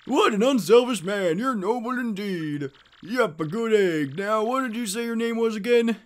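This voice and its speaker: A man voicing a long-winded, self-satisfied old village mayor in a video game, his voice pushed up high. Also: expressive, normal speed. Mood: pompous.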